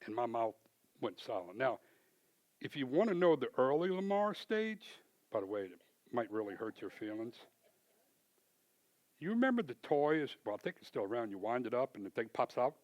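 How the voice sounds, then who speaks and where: A man giving a church testimony, an animated storyteller who acts out both sides of the conversations. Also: medium pitch, moderate pace, lo-fi sound. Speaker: small business owner giving testimony. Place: church sanctuary.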